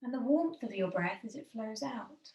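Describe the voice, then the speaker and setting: A woman leading a guided breathing and posture lesson in a slow, soothing, gently encouraging way. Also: fairly high pitch, lively intonation, gravelly, reverberant, highs cut off.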